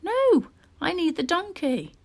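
A woman's voice: extremely high pitch, very animated, slow, a little mellow, pitched above the performer's own voice, exaggerated voice. A woman voicing a firm but kind farming father who turns down his son's request.

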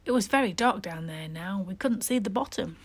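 Woman, storybook narrator, expressive, steady, medium pitch. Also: a little fast, slightly rough.

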